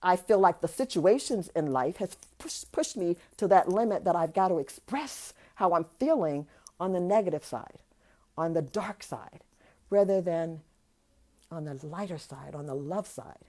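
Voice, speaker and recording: A woman's voice: fairly low pitch, expressive, normal speed, warm tone. A woman spiritual and life coach giving an earnest motivational talk, often restarting and repeating phrases for emphasis.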